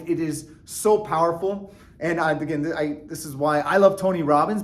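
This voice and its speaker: A man talking earnestly to his viewers in a casual motivational vlog, animated and full of restarts and fillers. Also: fairly high pitch. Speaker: vlogger. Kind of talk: casual motivational talk to camera.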